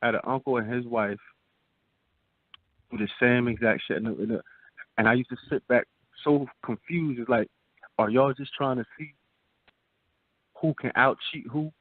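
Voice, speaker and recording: A man's voice: medium pitch, fairly even intonation, moderate pace, pauses often, no echo. A man co-hosting a radio talk show, laid-back and repetitive, often checking in with his listeners. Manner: laid-back, repeats himself, says "you feel me" often. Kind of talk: casual frank chat. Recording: dry phone-like sound.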